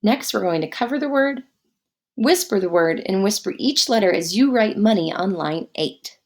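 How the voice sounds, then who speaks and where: An animated woman with a mid-range voice guides a spelling exercise. She dictates every word at a slow pace and spells it out letter by letter.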